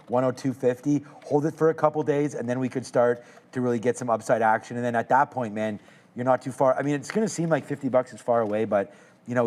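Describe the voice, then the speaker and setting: A man's voice: mid-range voice, darkish tone. Chatty man talking through trading charts. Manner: joking, talks over his partner, loose and chatty. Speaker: co-host and trader. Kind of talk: casual banter and market commentary.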